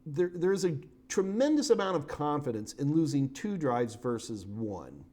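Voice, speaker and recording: A man's voice: fairly high pitch, very animated, moderate pace, warm tone. A middle-aged man giving a live-streamed technical lecture as an IT certification instructor, casual and joking as he talks through his slides.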